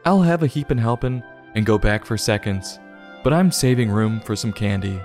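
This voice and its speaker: A man hosting a comic book review show, delivering mock-serious, sarcastic commentary in a deadpan way. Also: fairly low pitch, moderate pace, faint music behind. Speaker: host.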